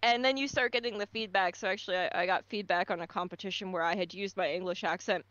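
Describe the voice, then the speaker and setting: A woman's voice: medium pitch, steady tone, fast, a bit bright, dry recording. Woman voice actor chatting away, lots of like and right, dry dull mic. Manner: chatty, encouraging, many fillers. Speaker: guest voice actor. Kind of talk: casual chat.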